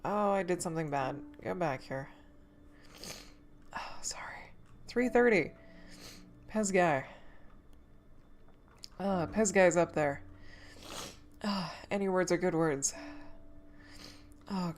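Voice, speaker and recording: A woman's voice: lowish voice, darkish tone, a little hiss or hum. A young woman chatting casually on a livestream, tearful and laughing between words. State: tearful, crying. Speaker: streamer. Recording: faint background music.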